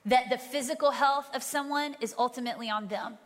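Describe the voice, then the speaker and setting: A woman's voice: high voice, fairly quick. A woman lead pastor co-preaching a sermon in an earnest, reassuring way. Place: church sanctuary. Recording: echoey church hall.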